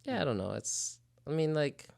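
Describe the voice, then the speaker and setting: A man's voice: on the high side, sing-song, moderate pace, gravelly, a little mellow. A man co-hosting a casual podcast, telling loose anecdotes with laughter and swearing. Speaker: podcast co-host. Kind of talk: casual chat.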